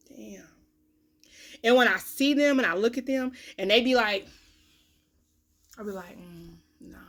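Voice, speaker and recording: A young woman, venting bluntly and with profanity in a candid vlog, her voice swinging from loud to a low mutter, with a cough now and then. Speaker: vlogger, self-styled life coach. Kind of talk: candid talking-to-camera vlog.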